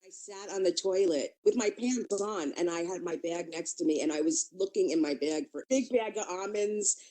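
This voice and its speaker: A woman's voice: on the low side, normal speed, mellow. A woman comedian talking blunt and self-mocking in a casual radio chat. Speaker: comedian guest. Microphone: studio mic.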